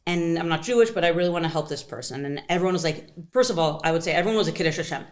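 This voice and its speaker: An American woman talks very quickly in a slightly low voice, telling stories as an interview guest. She is animated and acts out what people said, with sudden jumps in her pitch. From United States. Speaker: kosher pitmaster guest. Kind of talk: conversational interview storytelling.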